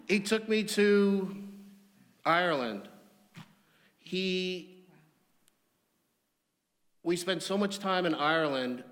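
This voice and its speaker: A man's voice: a little high, fairly bright tone. Man telling funny stories in a reverberant hall. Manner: humorous, anecdotal storytelling. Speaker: eulogy speaker. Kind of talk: memorial eulogy.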